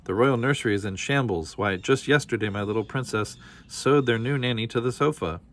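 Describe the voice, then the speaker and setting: A man's voice: mid-range voice, fairly quick, a bit bright, slight background noise, natural voice. A man playing a petulant storybook king. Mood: pleading. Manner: snapping, crying out. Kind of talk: storybook read-aloud.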